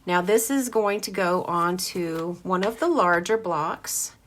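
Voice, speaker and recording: A woman's voice: on the low side, slow, a bit bright, a little hiss or hum. A woman giving a casual, chatty card-making demonstration. She answers viewer comments as she goes and laughs often. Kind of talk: casual live craft demo.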